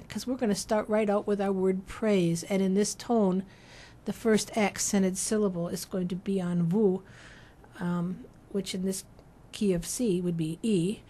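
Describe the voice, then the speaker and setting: In a dark-toned voice of medium pitch, a female church chant composer and translator walks through her approach in an interview with careful explanation, breaking off occasionally to sing brief chanted lines.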